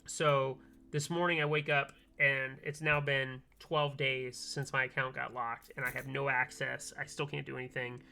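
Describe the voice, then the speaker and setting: Bright-voiced man telling a story on stream. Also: medium pitch, normal speed, creaky, a little hiss or hum. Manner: animated storytelling, acts out both sides of calls. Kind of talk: casual stream chat. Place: home workbench, soldering keyboards.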